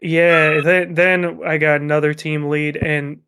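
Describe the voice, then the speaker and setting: A young man co-hosting a podcast, telling work stories in a profane, animated way. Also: a little high, measured pace, clean tone. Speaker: podcast co-host. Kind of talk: casual chat.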